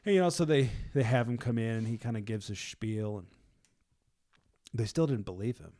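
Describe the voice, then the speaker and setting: A man's voice: medium pitch, moderate pace, warm tone. A man leading a casual group discussion, retelling a story in a chatty way with slang and laughter.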